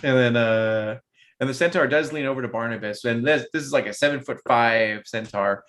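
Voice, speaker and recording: A man runs a tabletop game and narrates as game master. He rambles through his descriptions with plenty of fillers, at a mid-range pitch. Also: normal speed, a bit bright, slight background noise.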